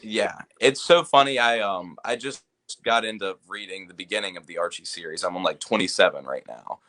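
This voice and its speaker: A man's voice: low voice, fairly quick, sharp tone. A man co-hosting an interview, chatting casually and playfully, laughing often.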